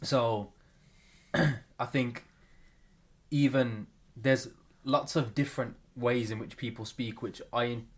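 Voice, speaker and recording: A man's voice: mid-range voice, fairly even intonation, slow pace, pauses often, breathy edge. A man co-hosting a podcast, chatting in a slangy, laid-back way. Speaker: podcast co-host. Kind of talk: casual chat.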